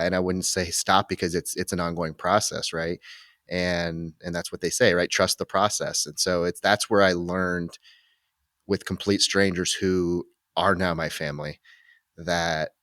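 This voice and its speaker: A man hosting a podcast, talking in a relaxed and reflective way, with frequent restarts and fillers. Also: low voice, measured pace, creaky, no room sound, studio quality. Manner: reflective, rambling with many restarts. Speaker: podcast host. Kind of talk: casual conversational interview.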